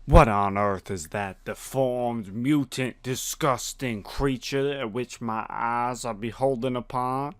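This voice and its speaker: A man's voice: medium pitch, slow, hardly any pauses, dry recording. A man putting on a pompous, overly formal voice as a horrified critic. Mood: disgusted.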